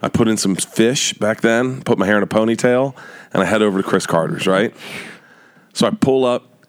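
A middle-aged man telling a loud, animated story as a guest on a comedy podcast and acting out the voices in it. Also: on the low side, moderate pace.

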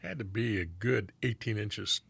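A man speaking as a podcast guest, a former detective, in a measured, matter-of-fact way. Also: fairly low pitch, creaky, fairly bright tone, husky, dry recording. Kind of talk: casual chat.

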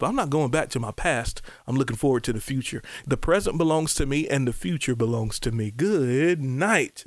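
With a mid-range voice and no echo in the recording, a man preaches an animated podcast sermon. He bursts into loud exclamations, drops into soft asides, and calls out to his listeners again and again.

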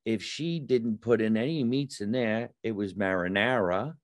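Animated joking New Jersey comedian, man. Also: lowish voice, moderate pace, no room sound. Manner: animated, jokey, acts out dialogue. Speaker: comedian guest. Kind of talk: casual storytelling chat.

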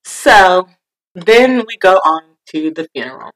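Animated woman chatting casually. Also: on the low side, unhurried, rough recording. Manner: animated, acts out quotes with swearing and laughs. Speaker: podcast co-host. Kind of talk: casual chat.

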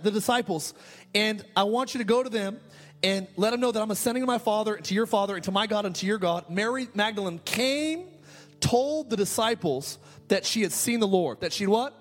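A man preaching a sermon as a pastor, asking rhetorical questions and repeating key phrases. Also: high-pitched.

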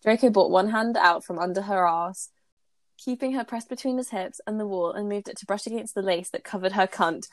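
Woman reading fanfic out loud, kinda giggly and embarrassed, dry close sound. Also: mid-range voice, brisk, dry recording. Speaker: co-host reading a story aloud. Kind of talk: reading fan fiction aloud with banter.

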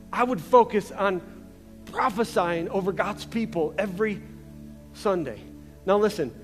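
A young male pastor preaching a casual, conversational sermon, full of restarts and asides, in a large church. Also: sits high. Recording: reverberant church hall with faint music.

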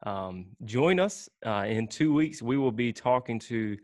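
A man hosting a casual church interview, asking rapid-fire questions with a joking manner and frequent laughs. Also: medium pitch, animated, a little mellow, dry recording, studio quality. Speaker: church podcast host.

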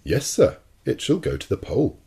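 A man's voice: medium pitch, wildly swooping pitch, normal speed, gravelly, warm tone, husky, voice pushed up, full character voice. A man voicing a proud, cool-headed sea captain in an audiobook, speaking with dry irony and total confidence. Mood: commanding. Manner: ironic and cold, unshakably confident. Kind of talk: audiobook character reading.

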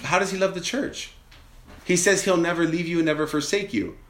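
A man's voice: on the high side, brisk. Man preaching in an echoey room. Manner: animated, acts out quoted voices, rhetorical questions. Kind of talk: sermon.

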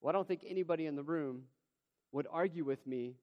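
A man delivers a sermon in a large church hall, telling a story in a lively, conversational manner. His voice sits a little high for a man. The sound carries a long reverb from the hall. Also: brisk, highs cut off. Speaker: pastor.

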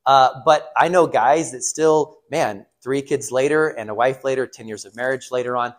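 A man's voice: medium pitch, moderate pace. Chatty man preaching to a class. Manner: chatty, laughs at his own stories, asks the room questions. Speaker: pastor or class teacher. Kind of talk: casual sermon on marriage.

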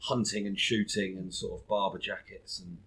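A man's voice: on the low side, little pitch movement, normal speed, a bit bright, slightly rough. A man from southern England, a comedian guest in a casual live interview chat, wry and dry in his remarks. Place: live event venue.

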